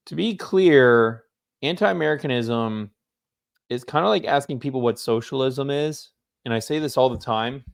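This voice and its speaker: A man's voice: normal speed, gravelly. Laid-back man reacting to news. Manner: reads articles aloud and reacts with asides; yawning, low-key. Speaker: political commentator. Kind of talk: casual commentary reading news aloud.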